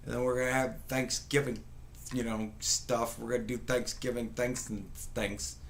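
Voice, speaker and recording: A man's voice: mid-range voice, level tone, moderate pace, a little hiss or hum. A man hosting a casual live stream, rambling and swearing, greeting viewers by name and poking fun at people with mocking impressions. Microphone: webcam setup with mic.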